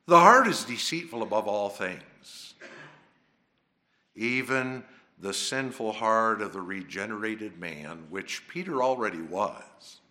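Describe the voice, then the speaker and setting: Slow, animated male preacher. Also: lowish voice. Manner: emphatic, dramatic swings between soft and loud. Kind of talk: sermon.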